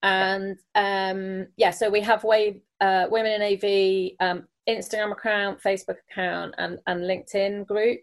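A woman from the UK, a guest on a podcast, speaking hesitantly with many pauses. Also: mid-range voice, level tone. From United Kingdom. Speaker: branch leader of an industry women's group. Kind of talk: casual podcast interview.

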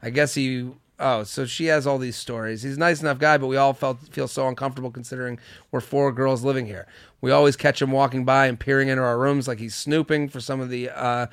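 A man's voice: medium pitch, fairly even intonation, quick pace, clear, resonant tone, no room sound, clean studio sound. A man hosting a casual podcast, reading listener emails aloud in a chatty way and laughing often. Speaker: podcast host.

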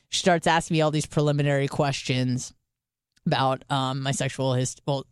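In a dry, studio-quality recording, a woman with a very deep voice co-hosts a podcast. She tells a story in a casual, comedic way, swearing freely and animatedly acting out both sides of the dialogue.

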